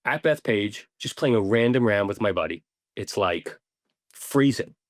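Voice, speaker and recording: A man, a podcast guest, telling stories in a casual, animated way, swearing now and then and acting out what people said. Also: on the low side, unhurried, no room sound, clean studio sound. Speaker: podcast guest, ball marker maker. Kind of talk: casual storytelling interview.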